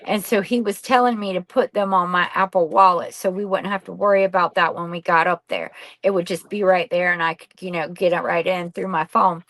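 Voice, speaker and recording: A woman's voice: mid-range voice, fairly bright tone, no room sound, poor audio. A middle-aged woman, a podcast guest telling a painful personal story candidly, rambling and swearing casually.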